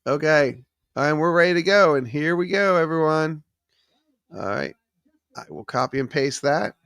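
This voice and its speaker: A slightly high, gravelly, somewhat bright male voice delivers expressive, moderately paced commentary on a live trivia stream. Reading out chat names and viewer answers, he leans heavily on ums. It's a dry recording from a studio microphone in his home studio.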